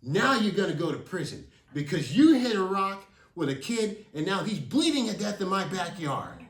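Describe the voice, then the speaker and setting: A man putting on a shrill, ranting grumpy neighbor. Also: lively intonation, measured pace, fairly bright tone. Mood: gloating. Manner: ranting, repeats his threats. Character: grumpy, vengeful male neighbor, shouting threats. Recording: roomy, from a distance.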